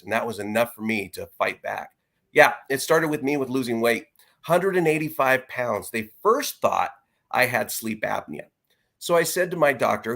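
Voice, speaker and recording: Middle-aged male guest, earnest and reflective, mid-pitched voice, stops and restarts as he tells his story. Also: creaky, fairly bright tone. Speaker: interview guest. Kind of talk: personal story in a conversation.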